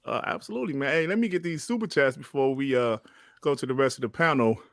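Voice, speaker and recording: A man's voice: medium pitch, quick pace, no room sound. A man hosting a casual gaming podcast, talking in slang, filling with "you know" and laughing often. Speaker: podcast host.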